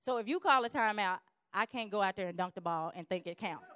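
A woman giving a lively church teaching on conflict, acting out quarrels in quick voices. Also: medium pitch, no echo, studio quality.

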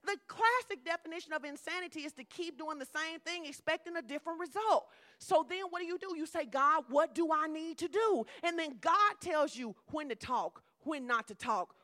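A middle-aged woman preacher giving a lively, conversational sermon with humor. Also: sits high.

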